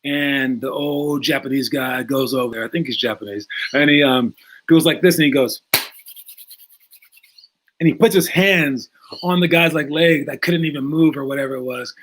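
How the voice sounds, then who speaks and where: A man coaching young basketball players in a casual talk, energetic, with many fillers and repeated words. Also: mid-range voice, moderate pace, slight background noise. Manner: energetic, acts out movie scenes in raised voices.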